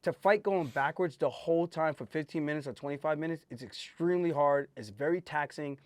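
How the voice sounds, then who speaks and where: A man, a host and fighter, giving a casual fight breakdown in an emphatic, animated way and swearing freely. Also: on the high side, fairly quick, dry recording.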